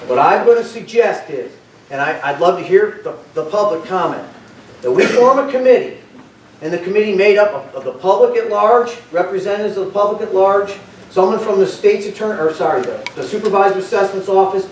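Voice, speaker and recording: A man with a notably high-pitched voice delivers a heated public comment at a county board meeting. He is confrontational and impassioned, stumbling and repeating words as he presses his case. He is heard from a distance in a very echoey meeting hall. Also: animated, a little fast, slight background noise.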